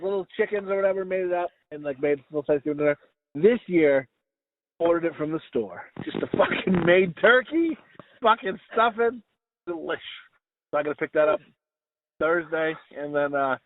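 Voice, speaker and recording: A man's voice: high-pitched, moderate pace. A man co-hosting a podcast in casual chat, joking crudely and laughing a lot. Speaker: podcast co-host. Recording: tinny phone-like sound.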